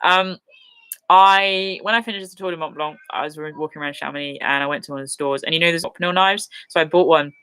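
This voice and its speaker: A woman's voice: low voice, fairly even intonation, quick pace, a bit bright, smooth, no room sound. A woman hosting a casual live viewer Q&A from her sofa at home. She talks in a rambling way, with fillers and restarts, and she is openly emotional and laughs easily. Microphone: computer mic on a livestream.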